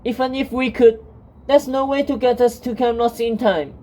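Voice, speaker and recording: A woman's voice: fairly high pitch, fairly even intonation, normal speed, mellow, pitched above the performer's own voice, lightly acted, low-quality recording. Woman playing a fiery, frightened teen witch girl. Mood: panicked. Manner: tense, frightened, protesting.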